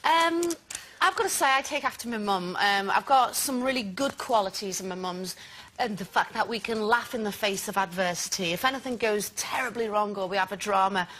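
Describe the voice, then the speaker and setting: Wry, bright-voiced woman panelist. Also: medium pitch, brisk, a little hiss or hum. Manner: wry, self-mocking. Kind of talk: daytime TV panel chat. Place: TV studio.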